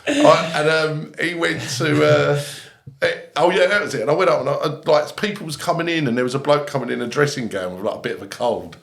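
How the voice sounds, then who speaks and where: A man, telling lively anecdotes as a podcast guest and laughing through his lines. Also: on the high side, brisk, gravelly, reverberant. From England. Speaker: guest, ex-army comedian. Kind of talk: casual storytelling. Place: podcast studio.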